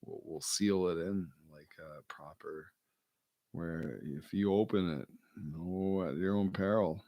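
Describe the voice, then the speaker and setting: A man's voice: deep voice, a little slow, no echo, highs cut off. A man in casual, meandering chat, joking and swearing with lots of fillers.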